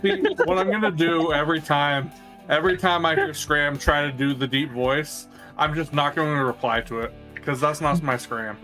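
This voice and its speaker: A man's voice: fairly high pitch, moderate pace, over music. A man playing a tabletop game who teases the others bluntly. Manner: blunt, teasing. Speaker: player. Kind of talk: casual tabletop play.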